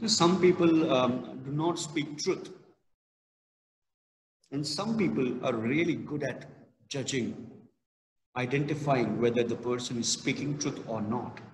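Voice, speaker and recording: A male college lecturer gives a classroom lesson, talking slowly and leaning hard on key words. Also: mid-range voice, slight background noise. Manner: slow, emphatic, stresses key words. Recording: echoey hall, reverberant.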